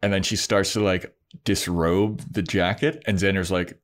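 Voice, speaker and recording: A young podcast co-host with a low voice at normal speed casually recaps an episode. His retelling is animated, and he acts out the characters' lines.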